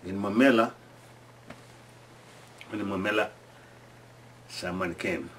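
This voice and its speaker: Cast: male storyteller, lowish voice, halting delivery with restarts, recorded away from the mic. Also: fairly bright tone, far from the mic, a little hiss or hum. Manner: halting, many restarts, acts out sounds and screams. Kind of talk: casual oral storytelling.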